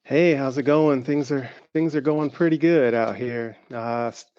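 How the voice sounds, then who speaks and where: A man's voice: medium pitch, unhurried, dry recording. Southern man, dry lo-fi podcast voice. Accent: Southern American. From American South. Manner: rambling, many fillers and restarts. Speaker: podcast co-host. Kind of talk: casual podcast conversation. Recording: dull lo-fi sound.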